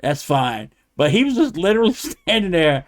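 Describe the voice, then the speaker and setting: Profane, animated man ranting on a podcast. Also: fairly high pitch, moderate pace. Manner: animated, profane, rambling with laughs. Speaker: podcast co-host. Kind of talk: casual debate chat.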